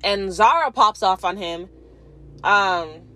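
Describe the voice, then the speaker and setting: A woman's voice: medium pitch, lively intonation, slow, sharp tone. A young woman casually recapping a reality show, chatty and full of fillers, acting out what people said. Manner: chatty, filler-heavy, acts out quotes.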